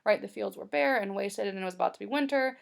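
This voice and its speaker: Young woman teacher, relaxed recorded lesson, lots of "um", some fry. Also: mid-range voice, fast. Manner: casual, filler-heavy explaining.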